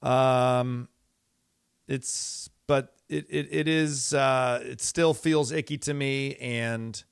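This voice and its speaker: In a clean, dry studio setting, a middle-aged podcast host talks slowly in a medium-pitched, steady voice that is creaky yet smooth. His casual monologue is rambling and exasperated, with many fillers and false starts.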